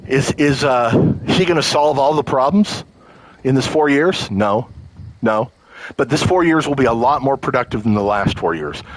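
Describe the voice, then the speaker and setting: A man's voice: mid-range voice, expressive, moderate pace, low-quality recording. A man hosting a livestream, ranting about politics in a heated, profane and emotional way, often stumbling over his words as he restarts. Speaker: livestream host. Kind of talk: live political rant.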